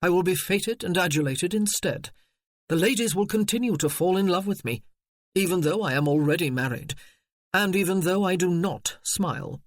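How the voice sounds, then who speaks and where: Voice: medium pitch, normal speed, no echo, natural voice. A narrator reading the lines of a bitter young Regency army officer in a grim, sardonic, clipped way, close to the narration voice. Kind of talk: audiobook character reading.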